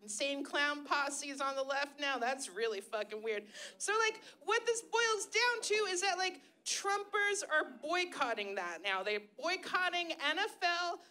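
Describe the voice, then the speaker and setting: Woman stand-up comic, high bright voice, sarcastic and profane, live stage mic. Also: lively intonation, measured pace. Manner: sarcastic, profane, shrill put-on voices for quoted people. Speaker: stand-up comedian. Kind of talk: stand-up comedy set. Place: live comedy stage before an audience.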